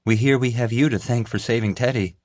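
A male narrator voicing an anxious, gentle mother in an audiobook. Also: medium pitch, fairly quick, no echo, studio quality, voice pushed up, close to an everyday voice. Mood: grateful. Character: worried, grateful mother.

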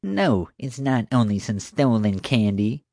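A man's voice: medium pitch, big pitch swings, unhurried, creaky, a little mellow, no echo, studio quality, pitched above the performer's own voice. A man voicing a bossy, sneering female park security officer who snaps and accuses. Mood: accusing. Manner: snapping, accusing, sarcastic.

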